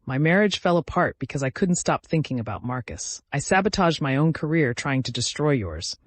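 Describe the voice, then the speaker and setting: A man's voice: on the high side, big pitch swings, brisk, no room sound. A man voicing a bitter, jealous woman who accuses her rival, with little change from his reading voice. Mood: vengeful. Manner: accusing, rising intensity.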